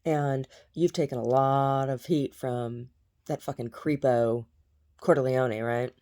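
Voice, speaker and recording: A woman's voice: rumbling low, steady tone, slow, dark tone. A woman vlogging in a blunt, profane, agitated rant to the camera. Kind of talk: casual vlog rant.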